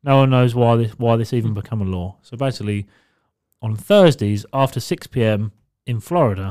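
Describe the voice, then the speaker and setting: A man's voice: medium pitch, brisk, darkish tone, clean tone, dry recording, studio quality. A young man from England co-hosting a podcast, telling stories in a laid-back, sweary way. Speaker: podcast co-host. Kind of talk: casual chat.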